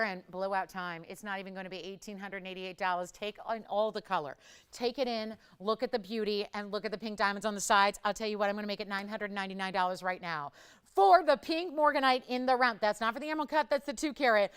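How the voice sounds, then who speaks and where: A woman hosting live jewelry shopping, chatty and upbeat, pitching deals and reading out viewer messages. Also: a bit bright, clean tone. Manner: pushes deals with "I'll tell you what".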